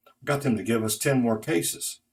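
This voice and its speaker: A man's voice: mid-range voice, normal speed, a little mellow, lightly acted. A man voicing a loyal, upbeat woman office assistant, speaking in a reassuring way, in a spoken story.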